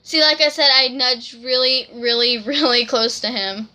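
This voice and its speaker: A young woman telling an excited, rambling story to camera in a casual vlog, often giggling. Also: sits high, moderate pace. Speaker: vlogger.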